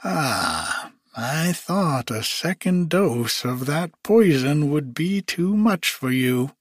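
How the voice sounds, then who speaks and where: A man voicing a cruel, scheming old witch woman who mutters in a hushed, menacing way. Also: on the high side, sing-song, takes it slowly, dry recording, studio quality, voice pushed up, full character voice.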